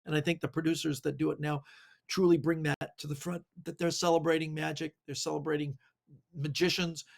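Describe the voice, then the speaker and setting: A man, a guest magician, telling animated anecdotes in a casual interview over a video call. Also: on the high side, fairly quick, gravelly. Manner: animated anecdotes with quoted voices. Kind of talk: casual storytelling.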